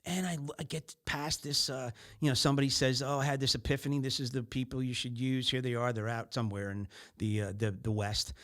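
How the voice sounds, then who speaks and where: A man's voice: medium pitch, fairly even intonation, a little fast, hardly any pauses. A middle-aged man hosting a podcast in a casual business-talk style, who acts out little scenes in other voices. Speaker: podcast host.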